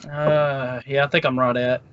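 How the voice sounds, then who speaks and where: A man's voice: medium pitch, level tone, unhurried, a bit bright, highs cut off, slight background noise. A man hosting a casual sports podcast, upbeat and teasing his co-hosts. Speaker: podcast host.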